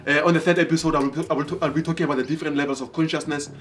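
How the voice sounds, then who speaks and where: A man from Africa, telling a motivational story in an animated way, acting out dialogue and repeating phrases for emphasis. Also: a little high, very fast, faint music behind. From South Africa. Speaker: motivational speaker.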